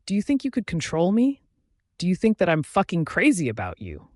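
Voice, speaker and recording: A man's voice: on the high side, a little fast, a little mellow, dry recording, clean studio sound, lightly acted. Man reading an arrogant werewolf alpha. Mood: angry. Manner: angry, demanding. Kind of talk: audiobook character reading.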